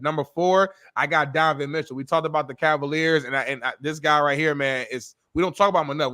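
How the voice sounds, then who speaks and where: A man's voice: fairly high pitch, fairly bright tone, dry recording, clean studio sound. A man co-hosting a sports talk show, arguing emphatically and swearing as he makes his case. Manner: emphatic, swears, argues point by point. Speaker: co-host.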